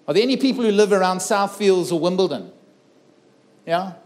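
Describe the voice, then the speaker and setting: A middle-aged man from South Africa tells a personal story from a festival stage. His voice sits fairly high, and he delivers it earnestly, acting out the dialogue. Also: expressive, brisk, a little mellow. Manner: earnest, dramatic retelling with acted-out dialogue. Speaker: keynote speaker. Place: festival stage before a live audience.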